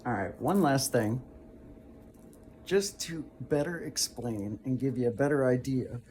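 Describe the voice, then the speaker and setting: A man with a dry throat talks through a casual one-take tutorial at an unhurried pace. His delivery is halting. He pauses and restarts often, and he goes over his points a second time. A faint hum of room noise sits behind him. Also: mid-range voice, a little mellow. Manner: hesitant, explains things over again, stops and restarts himself. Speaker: video host.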